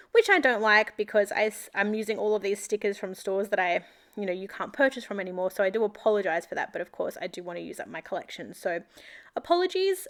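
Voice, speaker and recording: A young Australian woman talks through her week in an upbeat, rambling way. Her voice sits mid-range for a woman and comes across smooth and clear. It sounds like casual voice-over narration for a vlog. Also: mid-range voice, fairly bright tone. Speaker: planner vlogger.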